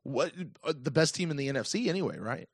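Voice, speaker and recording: A man in his thirties with an American accent, hosting a casual call-in sports podcast in an animated, emphatic rant. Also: mid-range voice, fast talker, dry recording, studio quality. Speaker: podcast host.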